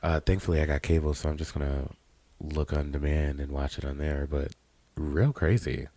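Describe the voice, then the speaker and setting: A man's voice: a bass voice, steady tone, moderate pace, dark tone, dry recording. A man co-hosting a casual podcast, blunt, profane and opinionated as he chats. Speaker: podcast co-host. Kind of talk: casual chat.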